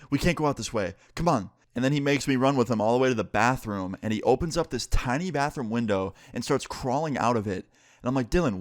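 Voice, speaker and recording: Young guy from new york doing a story time, kinda low voice, dry close sound, lots of "like". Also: no room sound. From New York state. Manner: animated retelling with lots of "like" and quoted dialogue.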